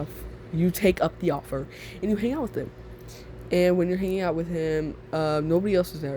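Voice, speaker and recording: A man's voice: a little high, dark tone, slight background noise. A young man casually telling a second-person listener story, rambling and giggly, with many fillers.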